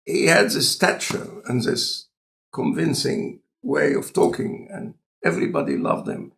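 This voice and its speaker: A man with an Egyptian accent and a non-native speaker of English, talking in a relaxed, conversational lecture style with deliberate, halting phrasing. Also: mid-range voice. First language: Arabic. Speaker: scientist in conversation.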